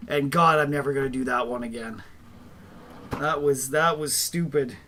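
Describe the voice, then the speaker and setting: A man chatting casually to his stream while assembling miniatures, talking to himself in a chatty, self-mocking way and now and then slipping into high sing-song baby talk. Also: moderate pace, bright, forceful tone, slight background noise. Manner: chatty, self-deprecating, talks to himself as he works. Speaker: hobby streamer.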